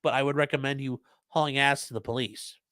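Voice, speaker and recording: A man's voice: medium pitch, steady tone, fast, pushed and bright, no room sound, clean studio sound. A man hosting a live stream who reads viewer comments aloud and answers them in a blunt, profane, conversational way.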